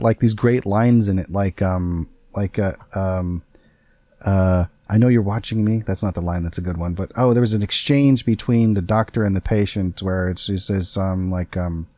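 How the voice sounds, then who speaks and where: A man's voice: fairly low pitch, normal speed, a little mellow, no room sound. A man hosting a casual podcast, rambling along with many fillers and self-corrections. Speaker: podcast host.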